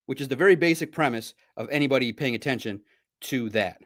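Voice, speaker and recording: A man hosting a sports podcast in casual chat, bantering playfully and trading friendly trash talk, jumping between loud bursts and low asides. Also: expressive, fairly quick.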